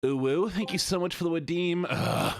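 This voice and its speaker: A man's voice: high-pitched, moderate pace, smooth. A man streaming live, chatting casually and playfully with viewers, teasing them and greeting each one by name.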